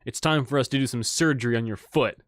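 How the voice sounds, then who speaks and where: A man reading as a calm doctor. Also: medium pitch, quick pace, no echo, clean studio sound, natural voice. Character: male doctor, calm and matter-of-fact.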